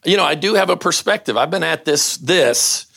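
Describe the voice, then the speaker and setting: A man's voice: a little high, animated, moderate pace, vocal fry, sharp tone, dry recording, clean studio sound. An older man, a pastor, giving a casual sermon, reading a story aloud and bantering with his audience.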